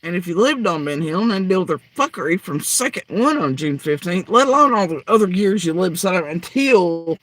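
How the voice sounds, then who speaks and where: A man delivering a heated, profane rant, swinging between loud outbursts and low muttering. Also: expressive, fairly quick, few pauses, dry recording. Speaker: podcaster ranting.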